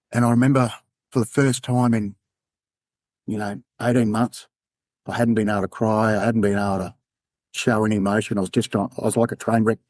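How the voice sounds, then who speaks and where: Brief: Australian man as a podcast guest, low-pitched, halting candid storytelling, dry close mic. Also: a little mellow, no echo. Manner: candid, halting, acts out quoted dialogue. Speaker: podcast guest, former undercover police officer. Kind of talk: personal storytelling in an interview.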